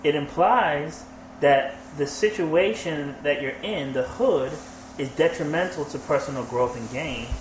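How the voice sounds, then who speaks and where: A man co-hosting a casual podcast discussion, relaxed and agreeable, paraphrasing what others said. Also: fairly high pitch, unhurried. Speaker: podcast co-host. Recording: echoey room with faint hiss.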